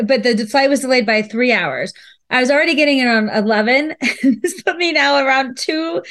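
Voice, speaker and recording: A woman speaker telling a personal story in casual conversation, emotional and often laughing. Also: high-pitched. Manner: emotional, laughing, animated retelling. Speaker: guest speaker.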